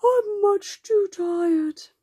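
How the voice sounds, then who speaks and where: A woman doing a high curious little girl. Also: very slow, dark tone, dry recording, studio quality, exaggerated voice. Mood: eager. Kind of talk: storybook reading.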